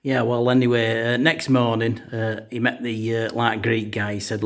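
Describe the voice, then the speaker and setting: A man's voice: fairly low pitch, little pitch movement, normal speed, hardly any pauses. A man telling a comic story, rambling with lots of fillers.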